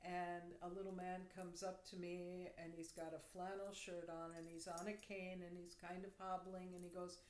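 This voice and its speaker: A woman guest on a podcast telling a personal story in a vivid, animated way during casual chat. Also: fairly low pitch, normal speed, hardly any pauses, slight background noise. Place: room. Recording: roomy echo.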